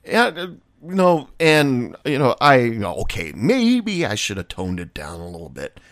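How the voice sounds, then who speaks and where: A man's voice: medium pitch, huge pitch swings, moderate pace, no echo, studio quality. A middle-aged man, a bartender, telling a story in a casual, sarcastic and blunt way.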